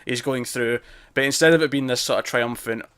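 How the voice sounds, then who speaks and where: A man chatting casually as co-host of a TV review show, with a voice sitting at an ordinary middle pitch. He rambles, repeats his words and restarts sentences while working through his thoughts. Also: fairly quick, fairly bright tone, smooth. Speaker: podcast co-host.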